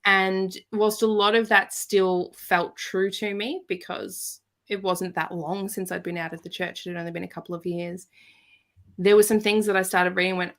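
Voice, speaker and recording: Speaking at a moderate pace in a mid-range voice, a woman appearing as a podcast guest recounts something from her own life, lively and relaxed, and performs the quoted lines in character.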